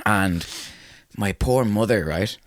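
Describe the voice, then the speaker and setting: A man's voice: lowish voice, slow, no room sound. A young Irish man in his twenties, co-hosting a podcast, telling a story animatedly with frequent laughter and swearing. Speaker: podcast co-host. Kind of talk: casual chat.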